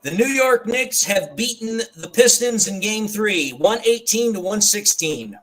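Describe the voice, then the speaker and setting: A man hosts a casual fan live stream. His voice sits high and swings widely as he talks. He jokes around and retells movie scenes with plenty of energy. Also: animated, measured pace, fairly bright tone, low-quality recording. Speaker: fan show host.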